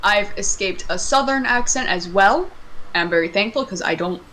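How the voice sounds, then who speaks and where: A woman's voice: mid-range voice, animated, normal speed, a bit bright, a little hiss or hum. A young woman from Maine chatting casually and swearing freely while streaming a game. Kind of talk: casual chat while gaming. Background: game music.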